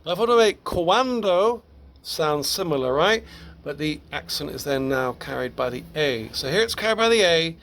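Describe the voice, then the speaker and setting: A man's voice: on the high side, lively intonation, moderate pace, fairly bright tone, slight background noise. A man teaching Spanish grammar in a recorded lesson, explaining patiently step by step with the occasional small laugh.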